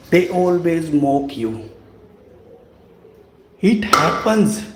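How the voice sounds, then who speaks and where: A man leads a live lesson, encouraging and unhurried. His voice sits a little high and moves at a very slow, careful pace. The sound is roomy and echoey, with clear background noise. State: sweating from the heat. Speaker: English speaking teacher. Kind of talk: live-stream English lesson.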